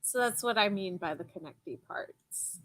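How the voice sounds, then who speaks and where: A woman player in casual table banter, joking in a dry, deadpan way. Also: mid-range voice, moderate pace, poor audio.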